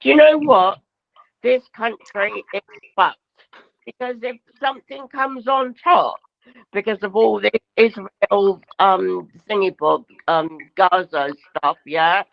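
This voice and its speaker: Brief: woman, slow gravelly drawl, sweary, meandering, muffled lo-fi sound. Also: medium pitch, no room sound. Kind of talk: casual profane chat. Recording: dull lo-fi audio.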